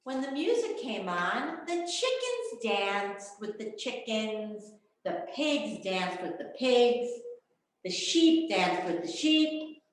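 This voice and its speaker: A woman reading a children's picture book aloud at storytime, expressive and animated, over a video call. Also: fairly high pitch, takes it slowly, heavy reverb, rough recording. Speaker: children's librarian.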